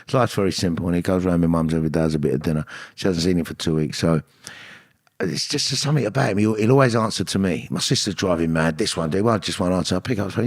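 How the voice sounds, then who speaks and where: A man telling personal stories in an interview, animated and acting out the voices of people he quotes, with frequent restarts. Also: low voice, rapid-fire, husky. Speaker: actor and guest. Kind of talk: candid interview storytelling.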